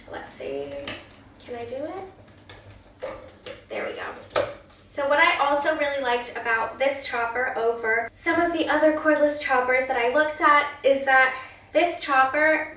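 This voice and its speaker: A woman's voice: a little high, fairly bright tone. A woman food photographer unboxing and reviewing a kitchen gadget in a chatty, enthusiastic way. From United Kingdom. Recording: roomy sound from a distance.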